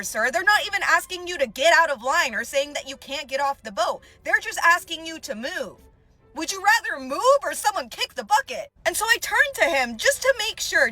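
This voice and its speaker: High bright-voiced woman doing a sarcastic storytime, a bit of music under her. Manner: sarcastic, animated. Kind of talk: storytime video.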